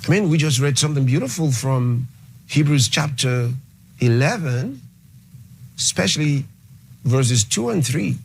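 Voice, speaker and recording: A man's voice: fairly high pitch, expressive, unhurried, vocal fry, long pauses, slight background noise. A male pastor preaching a sermon, emphatic, repeating key phrases and dwelling on exclamations.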